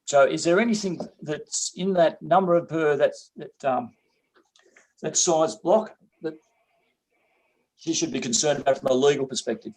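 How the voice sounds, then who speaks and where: A man's voice: on the high side, moderate pace, darkish tone, rough recording. A man chairing a council meeting, polite and hesitant, with many fillers.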